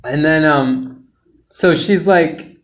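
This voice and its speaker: A man's voice: on the high side, takes it slowly. A man co-hosting a podcast, casually retelling a silly plot and laughing through his own jokes. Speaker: podcast co-host.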